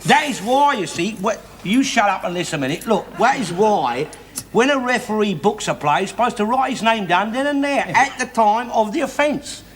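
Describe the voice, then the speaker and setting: An actor playing a loud, argumentative older London working-class football fan with a Cockney accent, ranting and swearing in a 1970s television sitcom. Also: male voice, high-pitched, lively intonation, moderate pace, husky, full character voice. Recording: hissy old television soundtrack.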